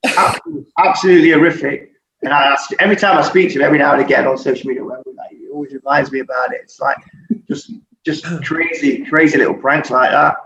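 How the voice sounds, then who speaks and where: A middle-aged man spins rowdy anecdotes, swearing freely and breaking into laughter. His voice sits a touch high. The sound is distant and roomy, dull in tone, with a faint hiss behind. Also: quick pace. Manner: sweary, laughing, animated storyteller. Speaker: former footballer guest. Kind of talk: casual storytelling chat. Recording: echoey, distant, dull audio with faint noise.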